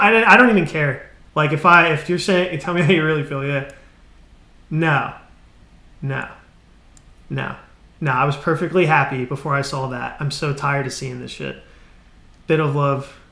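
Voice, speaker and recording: Annoyed guy streaming code, bright voice, kinda echoey room, swears a lot. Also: a little high, creaky. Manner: exasperated, swearing, trailing off and restarting. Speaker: live coding streamer. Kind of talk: casual live-stream ranting.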